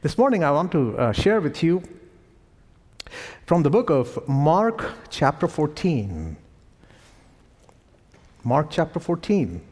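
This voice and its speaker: A man's voice: fairly high pitch, takes it slowly, long pauses. Indian man preaching in a reverberant hall. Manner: animated storytelling with chuckles. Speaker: pastor. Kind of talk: sermon. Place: church sanctuary.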